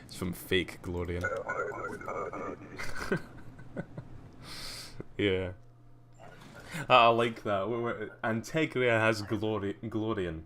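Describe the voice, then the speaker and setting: A Scottish man with a hint of poshness in his accent talks casually through a game stream. His voice sits low, and his humour is dry and self-mocking. A faint hum runs underneath. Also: very slow, long pauses. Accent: Scottish with a slight posh English tinge. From Scotland. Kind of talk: casual livestream commentary.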